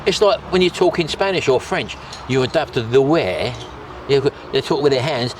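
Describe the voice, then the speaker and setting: A man's voice: mid-range voice, animated, moderate pace, slight background noise. A man from England, chatting casually to camera with jokes and teasing while walking outdoors on a seafront. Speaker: travel vlogger.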